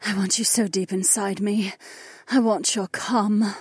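A man voicing an eager young woman soldier in a soft, breathy, pleading falsetto for an adult audio story. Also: little pitch movement, measured pace, exaggerated voice.

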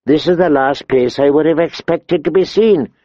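A man's voice: fairly high pitch, normal speed, warm tone, dry recording, pitched above the performer's own voice, natural voice. Tyrion, a man doing a wry dwarf nobleman. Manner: dry, wry wit. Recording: dull lo-fi dry recording.

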